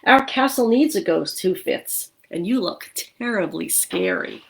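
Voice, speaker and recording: A woman voicing a tiny toy king and queen in a storybook, bright and welcoming with a touch of grandeur. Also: medium pitch, expressive, a little slow, gravelly, a little hiss or hum, poor audio.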